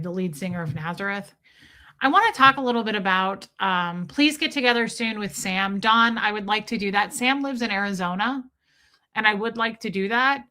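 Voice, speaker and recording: Middle-aged woman, livestream host, bright tone, chatty and heartfelt, breaks off to greet viewers. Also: medium pitch. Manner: chatty and emotional, greets viewers by name mid-story. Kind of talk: casual livestream chat.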